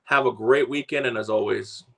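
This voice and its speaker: Male sports radio co-host, easygoing and chatty, lots of uhs and so's, mid-pitched voice. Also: normal speed, gravelly. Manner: relaxed, rambling, frequent "uh" and "so". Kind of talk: casual sports talk.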